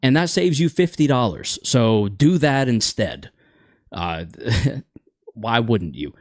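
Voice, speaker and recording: Rambling, opinionated gaming host. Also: male voice, medium pitch, big pitch swings, takes it slowly, no echo, studio quality, soft background music. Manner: rambling and opinionated, stumbles over words. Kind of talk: casual livestream chat.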